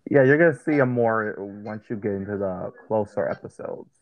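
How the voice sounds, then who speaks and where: A man's voice: on the low side, normal speed, dry recording, muffled recording. A man chatting casually with his mother and walking her through things step by step, often restarting his sentences. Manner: explains step by step, with frequent restarts. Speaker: son guiding his mother through documents. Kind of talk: casual chat.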